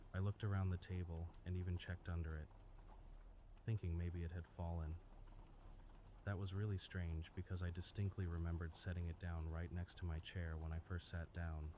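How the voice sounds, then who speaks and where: A man reading scripted first-person horror stories in a steady, measured way. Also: deep voice, slight background noise. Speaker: story narrator. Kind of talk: scripted horror story narration.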